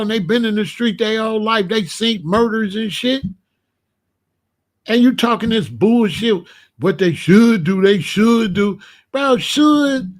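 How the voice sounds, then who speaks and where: A man, hosting a casual monologue and telling street stories in blunt, profane language. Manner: drops to low, quiet tones when recounting danger. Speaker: commentary channel host.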